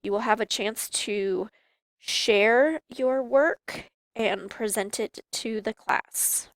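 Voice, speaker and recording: Calm woman teacher explaining a project. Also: on the high side, slow pace, no room sound, low-quality recording. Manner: calm, explanatory, addresses students. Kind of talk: classroom instruction video.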